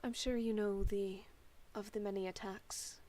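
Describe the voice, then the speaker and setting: Woman player, polite and careful, average pitch. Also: steady tone, unhurried, warm tone. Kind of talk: tabletop game play.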